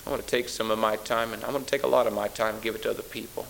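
A man's voice: fairly low pitch, steady tone, racing, gravelly, fairly bright tone, slight background noise, rough recording. Emphatic, sarcastic preacher man. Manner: emphatic, teasing sarcasm, repeats phrases for effect. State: tired. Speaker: pastor. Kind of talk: sermon.

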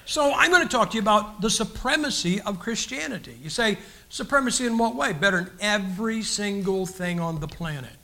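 A man's voice: high-pitched, expressive, a little fast, vocal fry, sharp tone. An older man, preaching a sermon in a folksy, joking style with many restarts. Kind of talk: sermon with humorous stories.

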